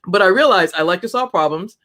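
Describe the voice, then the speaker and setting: A woman business founder as a guest on an interview show, talking in an animated, humorous way with frequent restarts. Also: fairly low pitch, quick pace. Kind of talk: interview conversation.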